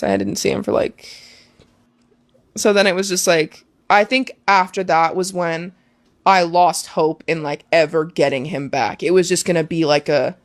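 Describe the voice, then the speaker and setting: A woman's voice: lowish voice, no echo. A young woman talking as a guest, telling an emotional personal story casually with many fillers.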